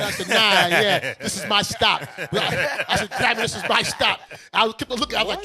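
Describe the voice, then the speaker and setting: A middle-aged man from Brooklyn, a bishop telling a story to his congregation in a casual, animated way and acting out each person's lines himself. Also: sits high, fast, few pauses. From Brooklyn, United States. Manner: animated, acts out the other voices in his stories.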